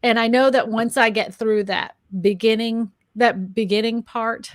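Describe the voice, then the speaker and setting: A woman's voice: a little high, steady tone, measured pace, dry recording, studio quality. A woman co-hosting a casual chat, talking in a chatty, self-deprecating way and laughing often. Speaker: co-host, real estate agent and YouTuber.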